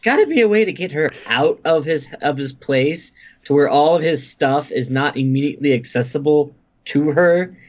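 A man's voice: fairly high pitch, lively intonation, moderate pace, highs cut off. A man co-hosting a casual chat, talking in wry, exasperated rants. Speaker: podcast co-host.

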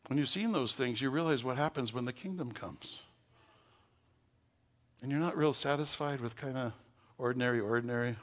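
A man's voice: medium pitch, moderate pace, long pauses. A man preaching as a pastor, telling a story to his congregation and leading prayer. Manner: storytelling, growing loud and excited at the climax. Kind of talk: sermon.

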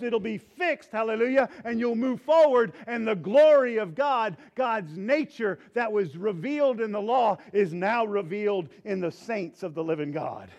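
High-pitched fervent male pastor. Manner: swings from fervent shouting to hushed altar-call prayer. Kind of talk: sermon. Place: church sanctuary.

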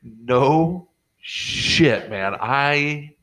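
A man in the middle of a loose podcast conversation, spinning a rambling story full of swearing. He keeps jumping into his own past reactions and acting them out, with a voice pitched right in the middle range. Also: expressive, extremely slow, fairly bright tone. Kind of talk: casual comedic storytelling.

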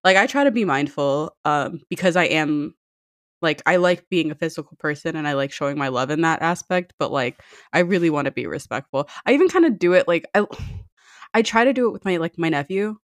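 A woman's voice: deep voice, expressive, fairly quick, no echo, studio quality. Blunt, foul-mouthed young woman telling stories. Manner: blunt, profane storytelling with acted-out quotes. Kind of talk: casual chat.

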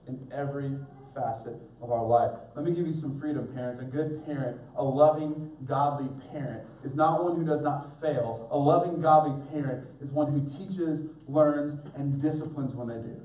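A man's voice: mid-range voice, measured pace, dark tone. A middle-aged male pastor preaching an earnest sermon, speaking directly to his congregation. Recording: echoey room, mic at a distance.

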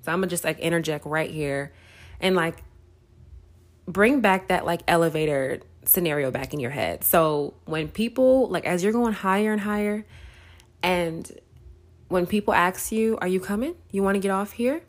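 A woman's voice: fairly low pitch, moderate pace. A woman hosting a podcast, giving a casual faith talk in a conversational way with lots of fillers and frequent laughs. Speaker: podcast host.

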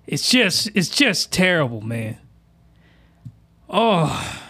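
Reacting to an anime episode, a high-voiced man gives excitable, crude commentary, drawing out his words. He erupts into shouts that make his voice crack, then sinks back into disbelieving mutters, all recorded close on a desk mic.

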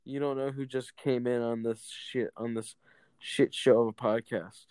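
A man's voice: mid-range voice, steady tone, normal speed, darkish tone, clear, resonant tone, dry recording. A young man co-hosting a podcast, chatting casually and crudely, joking and laughing often. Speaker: podcast co-host. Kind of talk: casual chat.

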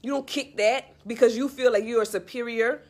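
A woman's voice: fairly high pitch, steady tone, brisk, a little mellow. A woman in a casual, heartfelt monologue giving life advice straight to the listener, earnest and repetitive.

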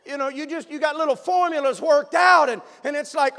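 A male pastor telling a personal story in a sermon, animated and emphatic, sometimes bursting into a shout. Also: very high voice, normal speed, hardly any pauses. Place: church sanctuary. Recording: long reverb of a large hall.

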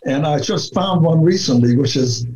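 A man talking through his research in a relaxed interview, deliberate and full of fillers and restarts. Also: on the high side. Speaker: researcher guest. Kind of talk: conversational interview talk. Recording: dull lo-fi sound.

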